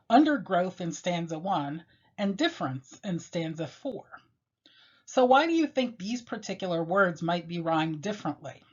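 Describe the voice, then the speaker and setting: A woman teacher lectures on a poem in a fairly low voice. She explains step by step, pausing and filling gaps as she thinks. The recording sounds dull and lo-fi. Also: slightly rough. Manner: measured, explanatory, with pauses and fillers. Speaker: literature teacher.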